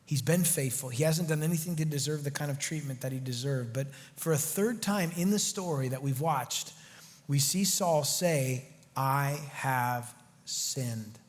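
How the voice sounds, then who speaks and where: A man preaching an expository sermon as pastor, animated and rising to urgent emphasis. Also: a little high, moderate pace. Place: church sanctuary. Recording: long reverb of a church hall.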